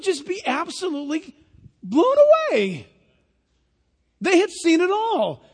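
A man preaching a sermon in a lively, conversational way. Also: very high voice, takes it slowly. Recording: long hall reverb.

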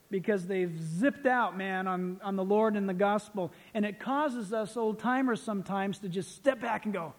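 Man, pastor, lively storytelling sermon, high voice, echoing church hall. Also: normal speed, few pauses. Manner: animated storytelling, acts out quoted voices. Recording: long hall reverb.

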